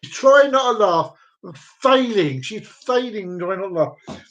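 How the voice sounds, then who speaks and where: A man's voice: sits high, expressive, measured pace, fairly bright tone, muffled recording. A man hosting a casual live stream at home, telling bad jokes in a rambling, repetitive way. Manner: jokey, rambling, repeats himself. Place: downstairs room at home with dogs.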